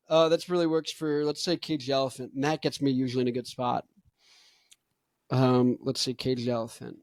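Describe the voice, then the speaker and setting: A man's voice: medium pitch, flat delivery, a little fast, darkish tone, dry recording. A young man hosting a show, chatting casually about singing technique in a rambling way full of fillers, with a stuffed-up nose. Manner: rambling, loose, many "like" fillers. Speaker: host.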